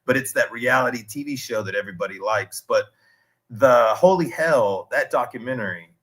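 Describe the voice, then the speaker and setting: A man's voice: medium pitch, normal speed, fairly bright tone. A man in his thirties chatting casually on a stream, telling rambling, digressive stories with restarts. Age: 30s.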